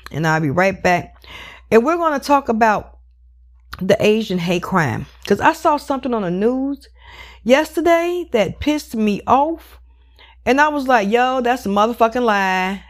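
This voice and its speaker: A woman hosting her own podcast, talking alone in a casual monologue, blunt and animated, swearing freely and leaning on "you know". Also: a little high, unhurried. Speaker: podcast host.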